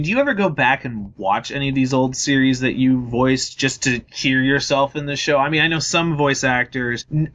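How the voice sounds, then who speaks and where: A man's voice: mid-range voice, bright, forceful tone. A man hosting a podcast interview, asking long, rambling questions with a joking, chatty manner. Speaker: podcast host.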